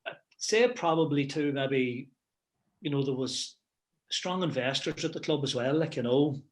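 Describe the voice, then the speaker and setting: A middle-aged football manager reminiscing in a casual interview, rambling with plenty of "you know" and restarts. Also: male voice, a little high, animated, a little slow.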